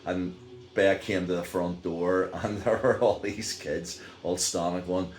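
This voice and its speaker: A middle-aged Northern Irish man tells a story in a loose, rambling way, full of fillers and restarts. His voice sits very low, and the room around him sounds echoey. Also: steady tone, unhurried. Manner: rambling, many fillers and restarts, chuckles while telling. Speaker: vlogger. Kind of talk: casual storytelling.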